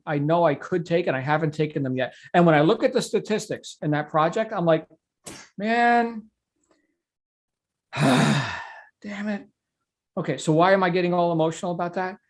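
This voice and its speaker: A middle-aged man gives a motivational coaching talk. His voice sits high for a man. He talks with emphasis, doubles back on his words and keeps tagging on "right?". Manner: emphatic, repeats words, asks "right?" often.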